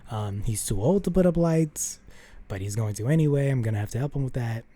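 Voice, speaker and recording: Here a vlogger tells the camera a rambling personal story in an expressive, fairly quick, warm mid-range voice. Fillers and restarts abound, and the vlogger keeps acting out people's lines.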